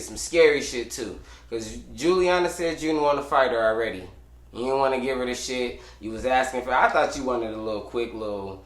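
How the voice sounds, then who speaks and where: A man hosting a podcast from a studio, ranting about fights in a brash, profane way, shouting at times and muttering at others. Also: mid-range voice, moderate pace, reverberant. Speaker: podcast host. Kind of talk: loud casual sports rant.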